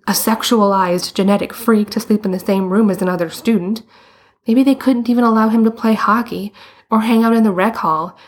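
A woman reading a story aloud as narrator, with a calm and steady delivery. Her pitch sits in the middle range, neither high nor low. She narrates without hurry. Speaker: audiobook reader.

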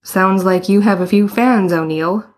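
A woman's voice: medium pitch, measured pace, natural voice. A woman reading the part of a grown man coaching a hockey team, rallying and bemused. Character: adult male hockey coach.

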